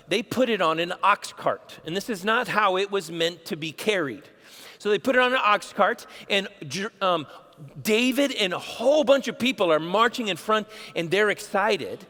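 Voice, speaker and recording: A man's voice: high voice, pushed and bright, big-room sound. A man, a pastor, preaching a sermon in a casual storytelling way, acting out bits of dialogue.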